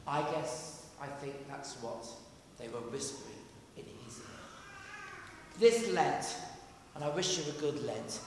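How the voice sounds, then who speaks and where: A man preaching a sermon in a church, earnest and emphatic, dropping to a hush for quoted voices. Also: medium pitch, animated, a little slow, long pauses, slight background noise. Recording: echoey church, heard from a distance.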